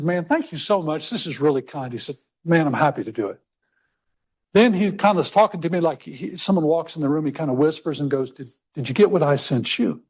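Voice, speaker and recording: A middle-aged man from Texas tells a personal story to an audience in a conversational way. His voice sits fairly high, and he slows right down to stress key words. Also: darkish tone. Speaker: speaker. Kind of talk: storytelling talk.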